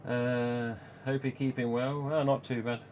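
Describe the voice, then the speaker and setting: Speaking a little slowly with a medium, fairly flat pitch and a darkish tone, a man hosts a live stream as a collector. He chats and rambles casually, chuckling often, over slight background noise.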